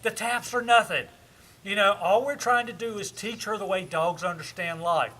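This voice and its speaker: A man, a dog trainer explaining commands while working with a dog, switching to soft praise for the dog. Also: sits high, moderate pace. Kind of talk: casual demonstration. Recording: faint background noise.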